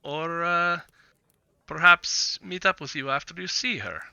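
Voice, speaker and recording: A man's voice: on the high side, a little slow, gravelly, bright, forceful tone, clean tone, no echo, lo-fi sound, pitched above the performer's own voice, heavily acted. A man voicing a smug, condescending male merchant who hedges with lots of fillers and talks down to people. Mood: patronizing. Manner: hesitant, filler-heavy, patronizing. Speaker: game master.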